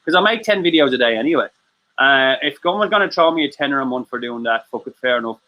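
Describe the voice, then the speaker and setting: A man's voice: mid-range voice, expressive, fast, muffled recording. A man, hosting a casual live-stream chat, sweary and rambling with lots of laughs. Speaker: host.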